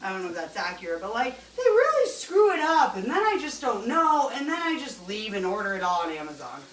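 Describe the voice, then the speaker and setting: A woman's voice: a little high, wildly swooping pitch, brisk, a little hiss or hum. A woman hosting a casual cooking show in her home kitchen, rambling, swearing and laughing as she cooks. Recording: roomy room, mic at a distance.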